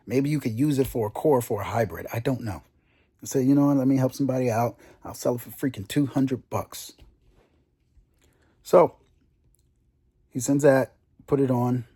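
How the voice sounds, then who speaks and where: Husky young man telling a car story. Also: mid-range voice, moderate pace, pauses often. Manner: animated, acts out quoted conversations. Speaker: car enthusiast vlogger. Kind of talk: casual storytelling rant.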